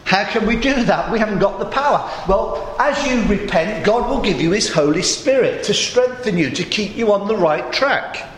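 A man preaching a sermon in a conversational storytelling way, his voice a little groggy and hoarse. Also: sits high, animated, moderate pace, echoey room, a little hiss or hum.

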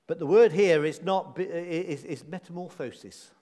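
Emphatic preacher with a high voice. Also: male voice, moderate pace, dark tone. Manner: emphatic, repeats key words, asks rhetorical questions. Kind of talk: sermon. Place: church hall. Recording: long church reverb.

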